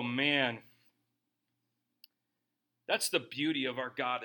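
Animated preacher man with a bright voice. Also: sits high. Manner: animated, emphatic preaching with rhetorical "right?" asides. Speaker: pastor. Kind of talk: sermon.

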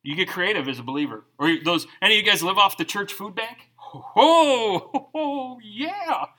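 Middle-aged male pastor, sermon, bright and animated, acts out quotes with humor. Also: high-pitched, quick pace. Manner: animated, joking storyteller who acts out quotes.

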